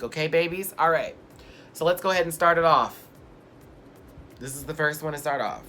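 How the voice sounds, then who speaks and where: A man's voice: a little high, normal speed, long pauses, bright, forceful tone. Sassy chatty man with faint room hiss. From Houston. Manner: playful, sassy, drifts into put-on accents. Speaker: co-host. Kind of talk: casual chat, reading viewer questions.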